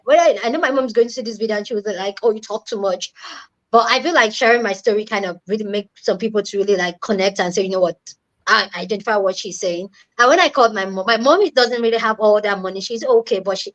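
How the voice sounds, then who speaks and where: A woman's voice: medium pitch, fairly bright tone, lo-fi sound. A young adult woman, not a native English speaker, earnestly telling a personal story in a casual chat and repeating key words for emphasis.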